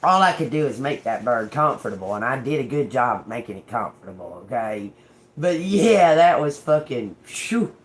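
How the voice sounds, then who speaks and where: A woman's voice: very deep voice, lively intonation, moderate pace. A woman tarot reader chatting casually to her viewers, laughing through her words, cursing freely and calling them y'all.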